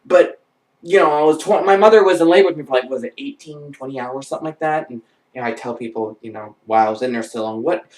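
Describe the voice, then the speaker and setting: A man telling a comic anecdote in an animated way, breaking into squealing voices. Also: mid-range voice, fast talker, recorded from a distance. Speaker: vlogger. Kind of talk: comedic storytelling. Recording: echoey room, voice off-mic.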